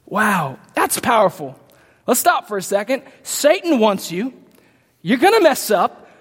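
Preacher, emphatic sermon, mid-pitched voice, stumbles reading scripture, long hall reverb. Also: sing-song, a little slow, fairly bright tone, breathy edge. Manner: emphatic, impassioned delivery; stumbles and restarts when reading aloud. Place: large hall with a congregation.

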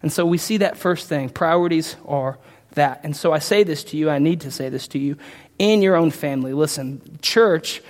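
A man preaching a sermon as pastor, emphatic, with loud outbursts and quiet asides. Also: a little high, moderate pace. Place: church sanctuary. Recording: long hall reverb.

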